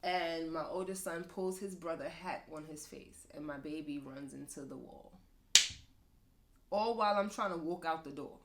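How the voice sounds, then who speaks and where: A young woman with a low voice hosts a podcast, speaking at a moderate pace over slight background noise. As a mother of two sons, she talks candidly and emotionally about motherhood, laughing often.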